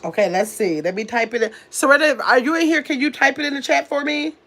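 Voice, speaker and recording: A woman's voice: high-pitched, fast talker, a bit bright. Chatty woman host reading the live chat. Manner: chatty, distracted, talks to the chat as "y'all". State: recovering from illness. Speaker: livestream host.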